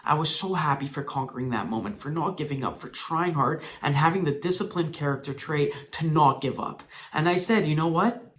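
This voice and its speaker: A man with a slightly high, somewhat bright voice tells a personal story in a vlog. Earnest and emphatic, he speaks straight to his viewers and swears at times.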